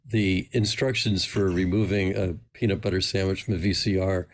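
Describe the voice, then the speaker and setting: A man's voice: sits low, steady tone, moderate pace. A man co-hosting a radio show, chatting eagerly with stammering restarts. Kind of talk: casual radio chat.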